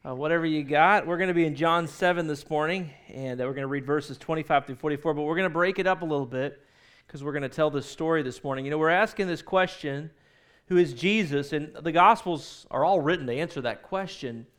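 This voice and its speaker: A man's voice: fairly high pitch, a little fast, a bit bright, smooth. A male pastor preaching a sermon in a conversational storytelling manner, often correcting himself mid-sentence.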